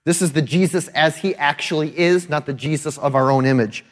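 A man delivers a sermon as a pastor, his voice sitting a little above the usual male pitch. He talks casually and emphatically, drawing listeners along with frequent quick tag questions. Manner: conversational and emphatic, often adding tag questions.

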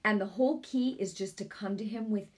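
A woman's voice: mid-range voice, fairly quick, a little mellow, a little hiss or hum. A woman hosting a live-streamed devotional talk. She speaks in a fervent, earnest way and chats back to her viewers. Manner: fervent and earnest, repeats "I'm telling you"; chatty, answers viewer comments aloud. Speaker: online ministry host.

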